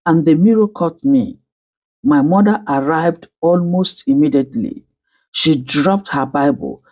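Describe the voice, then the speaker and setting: A woman narrating a dramatic first-person story with slow, emotional delivery. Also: low-pitched, a little mellow, husky.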